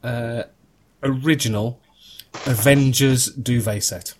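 A man's voice: mid-range voice, steady tone, takes it slowly, a little mellow. A man hosting a casual podcast chat, rambling and joking with plenty of fillers and restarts over a video call. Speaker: podcast host.

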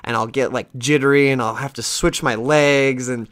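Man, podcast host, casual rambling story, restarts, mild swearing, livens up retelling chats, mid-pitched voice. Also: normal speed. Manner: lively when retelling conversations.

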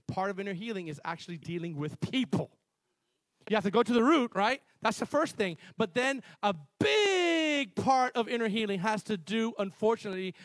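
Male pastor preaching, high-pitched and lively, restarts lines, dry close recording. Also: no echo. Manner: animated storytelling, shifting between loud emphasis and quiet asides; repeats and restarts phrases, calls on the congregation. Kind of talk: sermon.

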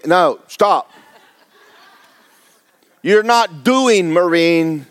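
A man's voice: high-pitched, animated, normal speed, no room sound. A man preaching a blunt, exhorting sermon, firing rhetorical questions at his congregation. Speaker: pastor.

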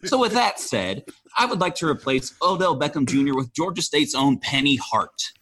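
A man's voice: a little high, lively intonation, moderate pace, crowd noise. A man joining a comedy sports podcast as a guest, joking in a laid-back way. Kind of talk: casual comedic chat.

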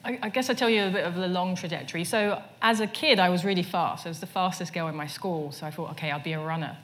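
A woman's voice: on the low side, quick pace, fairly bright tone. A woman, speaking as the guest in a casual onstage conversation and telling stories with lots of "you know" fillers. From England. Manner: storytelling, many "you know" fillers and restarts. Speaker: artist, interview guest. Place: stage before a live audience.

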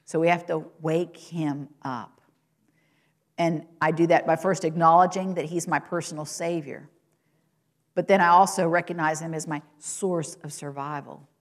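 A woman with a slightly low voice preaches a sermon to her congregation. She asks them rhetorical questions and moves between raised, high-pitched emphasis and quiet, low remarks. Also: fairly even intonation, moderate pace. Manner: rises in pitch and volume for quoted lines and exclamations, drops low and soft at points.

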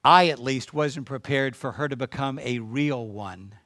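A man preaching, lowering his voice to quote a tearful father in a choked, confiding tone. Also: unhurried, fairly bright tone, dry recording. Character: older father, tearful and gently wry.

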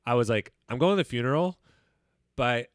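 A man's voice: medium pitch, expressive, a little fast, clear, resonant tone, no room sound, clean studio sound. A young man co-hosting a podcast, telling a personal story in loose, candid chat full of swearing and restarts. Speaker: podcast co-host.

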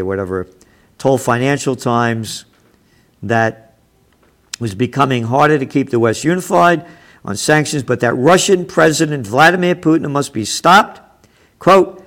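A man hosting a show, reading news headlines aloud and commenting with sarcastic, profane asides that turn heated. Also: medium pitch. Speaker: host.

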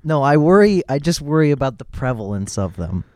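A man's voice: fairly high pitch, very animated, brisk, a little mellow, no room sound, clean studio sound. A man from Florida chatting casually, hesitant and often restarting his sentences. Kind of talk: casual chat.

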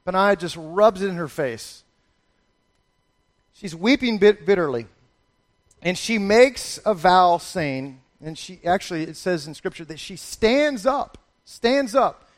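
High-voiced animated male preacher. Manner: animated storytelling, acts out voices with laughter. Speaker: pastor. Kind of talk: sermon.

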